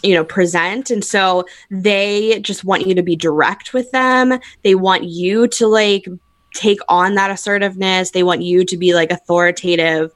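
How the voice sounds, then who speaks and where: A woman expert speaks in a lowish voice, explaining patiently and dotting her sentences with "like" and "um". The sound is close and dry, with no room in it. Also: dry recording. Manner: steady explaining, frequent "um" and "like". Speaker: Enneagram expert guest. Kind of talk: explanatory conversational chat.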